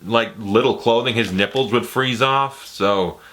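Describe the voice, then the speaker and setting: Excitable jokey man for a movie vlog, bright, forceful tone, swears freely. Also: medium pitch, measured pace. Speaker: movie reviewer. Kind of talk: casual movie ranking vlog.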